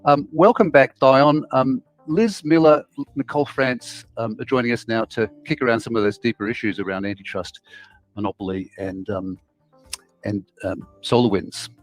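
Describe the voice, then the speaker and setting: A man's voice: mid-range voice, normal speed, faint music behind, low-quality recording. A man hosting a panel show, easygoing and hesitant as he introduces guests. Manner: relaxed, hesitant, many ums. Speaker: show host.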